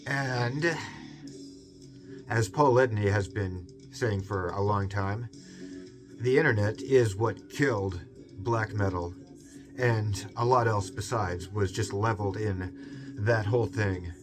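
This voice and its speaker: A man with a Seattle accent from the US West Coast hosts a video essay over music, musing aloud in a rambling, digressive monologue packed with fillers. His voice is lowish and his pace slow.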